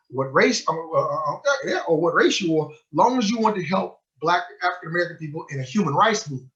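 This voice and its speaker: A man giving a book club talk as a sheikh, telling a story with energy and acting out quoted dialogue. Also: fairly high pitch. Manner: animated storyteller who acts out quoted dialogue. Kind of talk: storytelling lecture. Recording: muffled lo-fi recording.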